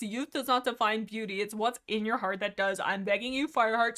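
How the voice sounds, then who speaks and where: Rambling, excitable woman streamer. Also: fairly high pitch, fairly quick, few pauses. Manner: rambly, excitable, laughs often; reads and answers chat messages. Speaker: livestream host. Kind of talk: rambling casual livestream chat.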